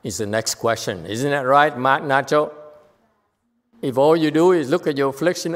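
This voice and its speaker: A man's voice: mid-range voice, moderate pace, a bit bright, big-room sound. A man giving a spiritual teaching to a congregation, playful and full of rhetorical questions and repeated phrases. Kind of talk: dharma talk to a congregation.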